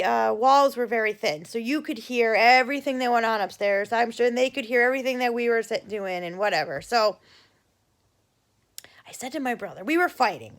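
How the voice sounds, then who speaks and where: High-voiced woman telling a story. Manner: animated, swearing, acts out voices in quoted lines. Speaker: vlogger. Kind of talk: casual storytelling.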